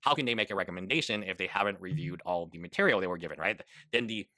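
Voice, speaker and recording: A man's voice: deep voice, fast talker, sharp tone, dry recording, clean studio sound. A man steadily explaining a court process.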